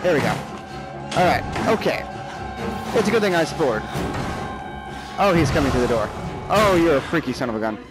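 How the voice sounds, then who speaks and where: A man's voice: fairly high pitch, very animated, brisk, pauses often, over music. A young man giving let's play commentary, jumpy and nervous, talking back to the game's characters. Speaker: gamer.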